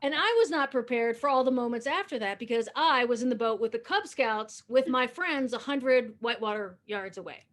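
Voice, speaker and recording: A woman's voice: fairly high pitch, a little fast, few pauses, fairly bright tone. Woman comic telling a story. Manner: conversational, self-deprecating, chuckles mid-story. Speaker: stand-up comedian. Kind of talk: stand-up comedy storytelling.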